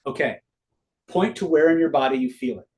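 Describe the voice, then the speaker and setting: A man's voice: mid-range voice, a little fast. A middle-aged man teaching a live online master class in a casual way, swearing freely and quizzing his audience.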